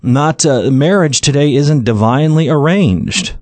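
A man's voice: fairly high pitch, expressive, unhurried, darkish tone, no room sound. Man, middle-aged, preacher, sermon, earnest, conversational, filler-heavy, dry close recording. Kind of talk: sermon, verse-by-verse Bible exposition.

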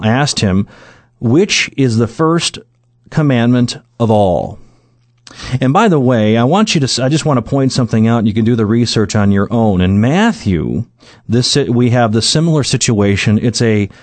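A man's voice: medium pitch, a little mellow, dry recording. A middle-aged man preaching a sermon, working through Bible verses in an earnest, conversational way with many fillers and restarts.

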